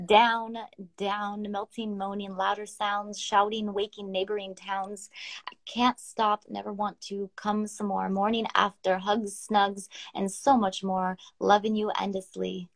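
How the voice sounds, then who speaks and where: A young woman co-hosts a loose, casual podcast. She laughs often, swears without a second thought and reads explicit poems aloud. Her voice sits at an ordinary middle pitch. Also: flat delivery, measured pace, vocal fry. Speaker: podcast co-host. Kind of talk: casual chat and poetry reading.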